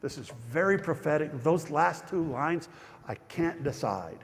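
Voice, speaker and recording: A man's voice: fairly high pitch, lively intonation, measured pace, gravelly. Male pastor, Bible study teaching, chatty and digressive, echoing church hall. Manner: chatty and digressive, with frequent restarts.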